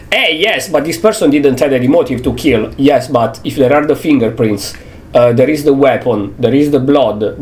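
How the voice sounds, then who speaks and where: A man's voice: mid-range voice, a little mellow, a little hiss or hum. A young man streaming a video game, chatting casually, playful and blunt, swearing freely. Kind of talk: casual game let's-play commentary.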